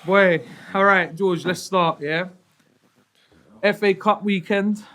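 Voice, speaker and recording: A man's voice: high-pitched, steady tone, very slow, pauses often, a bit bright. A young man, hosting a casual football podcast with playful, teasing banter. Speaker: podcast host.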